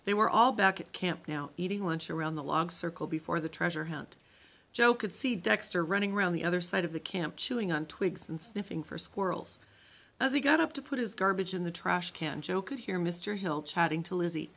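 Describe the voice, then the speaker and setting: Teacher reading a kids' chapter book aloud, a woman with animated, expressive delivery. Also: fairly low pitch, normal speed.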